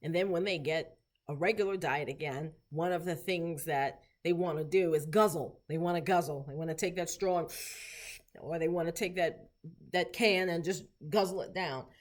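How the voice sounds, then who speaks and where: A woman therapy clinician giving an instructional lesson, patiently repeating short phrases slowly so learners can practice. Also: lowish voice. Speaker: therapy clinician teaching Spanish.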